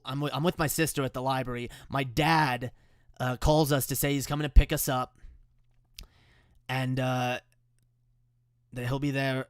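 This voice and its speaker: A man's voice: mid-range voice, smooth, dry recording, studio quality. A young man telling a painful personal story in a raw, emotional way, swearing often and stumbling over restarts. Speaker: musician telling the story behind a song.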